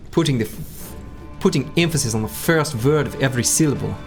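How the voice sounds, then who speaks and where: A man's voice: mid-range voice, animated, a little fast, over music. A man casually commenting on his game as he plays, thinking aloud and chatting with his viewers. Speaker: game streamer.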